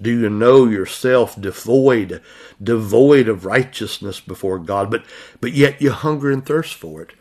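A man preaching a sermon, pressing the listener with repeated questions and reading scripture aloud in slow, stressed phrases. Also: mid-range voice, a little mellow. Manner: emphatic, repeating rhetorical questions.

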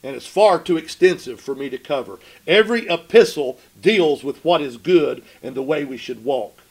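A man preaching a sermon, emphatic, asking the congregation rhetorical questions and slowing down to read scripture. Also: on the high side, animated, breathy edge.

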